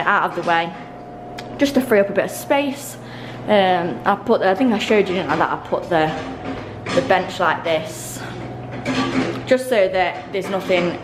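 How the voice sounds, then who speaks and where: Young woman, twenties, chatty vlog, lots of ums, phone mic, faint room noise. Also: mid-range voice. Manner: chatty, rambling, laughs often, lots of "um". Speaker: vlogger.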